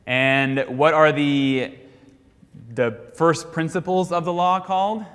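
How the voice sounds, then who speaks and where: In a church classroom with long hall reverb, an American man teaches Sunday school in a fairly high, slightly bright voice, slow in pace and fairly even in intonation. He reviews Bible history through questions, letting each sentence hang so the class can finish it.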